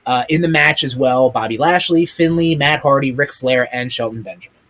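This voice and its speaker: A man with a mid-range, fairly bright voice talks a little fast while hosting a live-streamed wrestling chat as a podcast host. He rambles, says um a lot, and swears casually, working from a streaming room with a big chat monitor.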